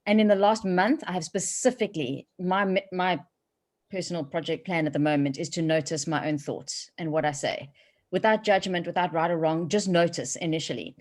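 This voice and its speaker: A woman hosting a casual video call, upbeat and quick-talking. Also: fairly low pitch, a little mellow. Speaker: host.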